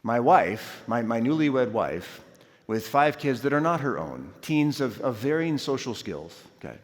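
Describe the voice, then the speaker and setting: Male chapel speaker, animated storyteller, middle pitch, long hall reverb. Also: measured pace. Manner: animated storytelling, acts out his own shouts. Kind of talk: storytelling sermon. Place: large university chapel.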